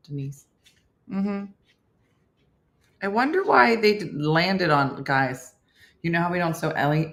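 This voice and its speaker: A middle-aged woman with a low-sitting voice hosts a comedic morning show. She chats casually in a loose, animated manner, laughing often and tossing in asides.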